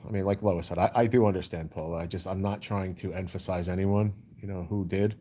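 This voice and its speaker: Hosting a casual livestream, a man works through chat comments in a rambling way, saying "you know" over and over. He speaks a little fast in a low, dark, steady tone, with slight background noise.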